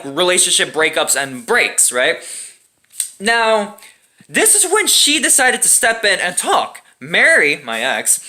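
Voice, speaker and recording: A young man telling a personal relationship story in a casual, profane rant, often checking in with "right?". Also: high-pitched. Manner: animated and profane, keeps tagging "right?".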